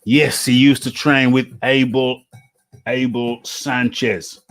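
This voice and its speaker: A man hosting a casual live-stream chat. He talks slowly and loosely, with a mid-range voice, and keeps repeating the same phrases. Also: mid-range voice, little pitch movement, fairly bright tone, faint music behind. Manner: repeats phrases, laughs easily. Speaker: podcast host.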